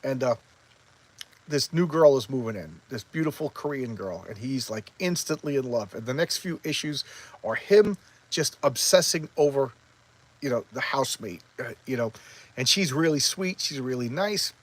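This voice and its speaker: A man casually reviewing a comic book, talking quickly and excitably with many restarts as he retells the story. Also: mid-range voice, low-quality recording.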